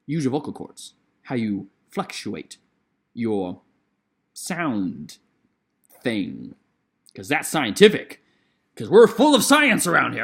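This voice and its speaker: A man vlogging casually to camera at home on a computer microphone, playful and theatrical, jumping between loud and quiet. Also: creaky. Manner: playful, theatrical, swings widely in pitch and loudness.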